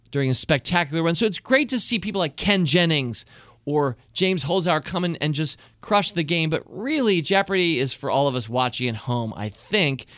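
A man's voice: fairly high pitch, a bit bright, no room sound, studio quality. A middle-aged man hosting a podcast, chatting enthusiastically with rambling asides. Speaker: podcast host. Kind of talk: casual podcast chat.

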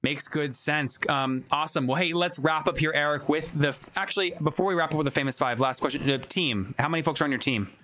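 A man's voice: a little high, quick pace, few pauses, pushed and bright, a little hiss or hum. A man hosting an interview, asking direct questions. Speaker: podcast host.

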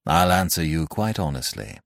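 A man reading a story aloud, voicing a calm, wry older doctor who speaks soothingly and matter-of-factly. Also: extremely low pitch, gravelly, dry recording, studio quality, voice pushed down, exaggerated voice. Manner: soothing, unhurried, matter-of-fact.

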